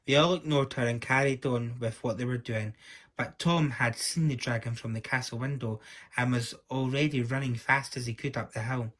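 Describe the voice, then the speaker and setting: A man reading a children's story aloud in a lively, expressive manner, with small stumbles. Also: mid-range voice, normal speed.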